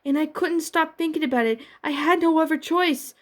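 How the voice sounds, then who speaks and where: A woman's voice: high voice, normal speed, voice pushed up, close to an everyday voice. A woman voicing a nervous, guilty teen alien girl hero, pleading and apologetic in a fan-fiction reading.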